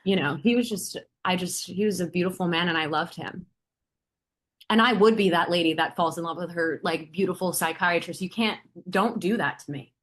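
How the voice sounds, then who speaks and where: A young woman with a somewhat low voice talks bluntly on a podcast, swearing freely and lunging into animated, emphatic outbursts. She comes across as unfiltered and fiercely opinionated. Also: moderate pace. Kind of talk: casual chat.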